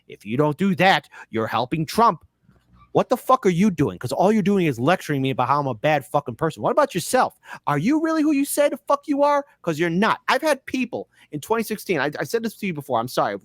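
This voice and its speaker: A man's voice: fairly high pitch, dry recording, studio quality. A comedian, a man, on a podcast delivering a heated, profane political rant that climbs to angry peaks. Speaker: comedian guest.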